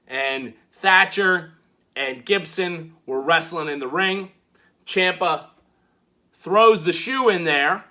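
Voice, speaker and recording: Animated man with a bright, punchy voice. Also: a little high. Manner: animated, acts out quotes in playful voices. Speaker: wrestling show reviewer. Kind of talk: casual recap commentary.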